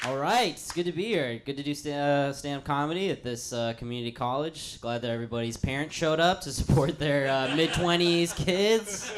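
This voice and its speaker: A man's voice: a little high, moderate pace, few pauses, a crowd in the background, noisy background. A young man doing a stand-up set on a small stage, acting out characters as he goes. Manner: animated, acts out characters. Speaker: stand-up comic. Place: small studio stage with live audience.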